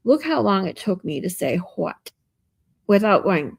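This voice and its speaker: A woman's voice: mid-range voice, sing-song, moderate pace, vocal fry, a little mellow, breathy edge, dry recording, studio quality. A woman live streamer chatting casually with her viewers, reading out and answering their comments and laughing often, from a hotel room.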